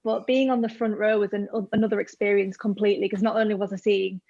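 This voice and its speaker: A woman's voice: mid-range voice, flat delivery, fast talker, darkish tone, dry recording, highs cut off. A young woman from England, a podcast guest telling fan stories in casual chat with enthusiasm. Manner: enthusiastic storytelling.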